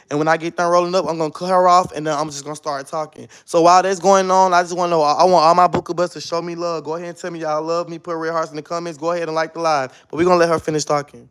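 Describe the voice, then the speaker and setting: A man's voice: fairly high pitch, a bit bright, smooth. A man on a phone live stream, defensive and repeating his points to his viewers. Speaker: livestreamer.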